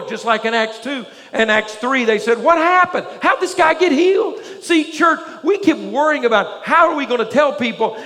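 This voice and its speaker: Man pastor, very high voice, energetic sermon, call-and-response, church sanctuary, long reverb. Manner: energetic preaching with frequent call-and-response questions.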